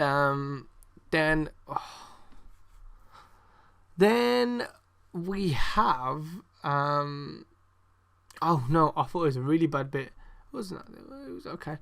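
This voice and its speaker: A man's voice: fairly high pitch, lively intonation, slow pace, vocal fry, a bit bright. A young man hosting a podcast, reviewing wrestling in a rambling, sarcastic way, full of swearing and ums. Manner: exasperated, sarcastic. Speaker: podcast host. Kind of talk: casual wrestling review chat.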